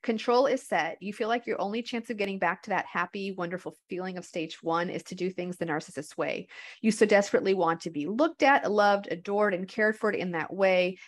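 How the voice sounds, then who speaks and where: A woman in her thirties hosting a podcast, telling personal stories in a frank, animated way full of fillers. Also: mid-range voice, a little fast. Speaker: podcast host. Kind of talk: candid conversational podcast talk.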